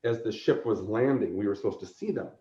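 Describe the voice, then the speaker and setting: A man telling convention stories in casual chat, lively and laughing, acting out quotes. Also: on the low side, brisk. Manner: animated, laughing, acts out quoted voices. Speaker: convention organizer, podcast guest. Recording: roomy, dull lo-fi sound.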